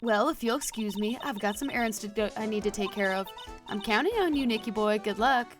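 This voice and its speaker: A woman's voice: mid-range voice, fairly quick, music in the background, close to an everyday voice. A woman voicing a doting, protective woman with a slight country accent in a game read-aloud.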